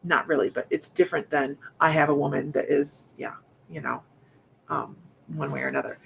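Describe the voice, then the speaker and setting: A woman giving a live-streamed psychic reading, speaking softly and haltingly with many restarts, straight to her viewers. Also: sits low, fairly even intonation, gravelly, slight background noise. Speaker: psychic medium.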